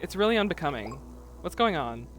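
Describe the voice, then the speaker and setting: A woman's voice: low voice, sing-song, a little fast, music in the background. A woman voicing a herd of rude female mermaid-cow creatures from a farming game, speaking in a snide, mocking way. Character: teasing female mermaid-cows, bratty and rude.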